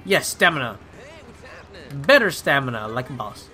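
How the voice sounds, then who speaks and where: A young man hosting casual gameplay commentary, excitable and swearing, ranting at the characters on screen. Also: a little high, normal speed, faint music behind. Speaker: gaming video host.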